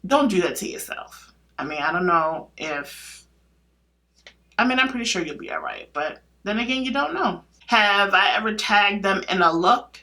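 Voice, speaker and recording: A woman's voice: mid-range voice, moderate pace. A woman giving her opinions in a casual vlog, blunt and emphatic, asking herself rhetorical questions and answering them. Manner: blunt and animated, with casual slang. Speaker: beauty vlogger.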